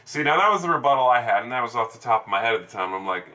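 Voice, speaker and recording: Rambling man with a bright, distant voice. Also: medium pitch, expressive, very fast. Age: adult, over ten years in sales. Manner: rambling, many fillers and restarts. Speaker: salesman vlogger. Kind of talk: casual storytelling.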